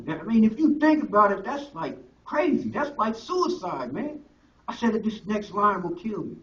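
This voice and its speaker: A man tells his testimony with animated storytelling, acting out every scene. His voice is high and bright. It is picked up from a distance in an echoey room with a dull sound. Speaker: testimony speaker. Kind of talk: personal testimony.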